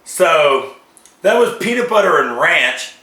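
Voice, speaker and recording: A man hosts a casual food-tasting video, joking and stretching out his reactions. His voice is bright and slightly high, and it rises and falls a lot. The sound carries the echo of a bare room. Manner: animated, joking, drawn-out reactions. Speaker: show host. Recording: echoey room.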